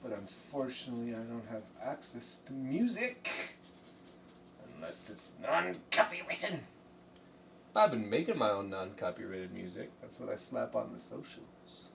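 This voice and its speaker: This live-streaming painter chats casually, joking and rambling to his audience and to himself. His voice is mid-range, sing-song and creaky, at a normal speed. He's far from the mic, and faint room noise can be heard.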